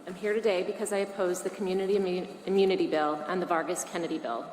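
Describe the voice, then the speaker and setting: A woman's voice: on the low side, steady tone, fast, darkish tone. A woman in her forties from Massachusetts, a parent reading prepared testimony at a public hearing in a formal, earnest and emotional way. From Massachusetts, USA. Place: large state legislative hearing room. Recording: echoey hall from mid distance, faint hiss.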